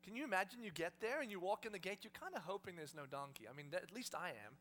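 Animated, high-voiced male pastor. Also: quick pace, slight background noise. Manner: animated, humorous storytelling. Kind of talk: sermon.

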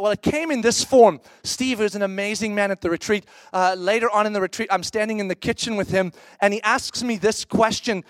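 A man's voice: sits high, a little fast, hardly any pauses, no room sound. A middle-aged man, a pastor, giving a conversational sermon, telling a story candidly and acting out other people's reactions. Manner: candid, animated, acts out quoted reactions.

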